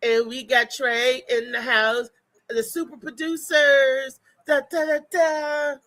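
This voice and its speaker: A woman's voice: high voice, level tone, takes it slowly, fairly bright tone, rough recording. A woman hosting a morning talk show, chatting casually and bluntly with listeners. She repeats her points for emphasis and swears without holding back. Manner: emphatic and repetitive, talks straight to listeners.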